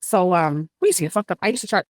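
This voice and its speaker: A woman's voice: fairly low pitch, animated, quick pace, no room sound, studio quality. A woman in her forties, a podcast guest, telling blunt stories in loose slang. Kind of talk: casual podcast chat.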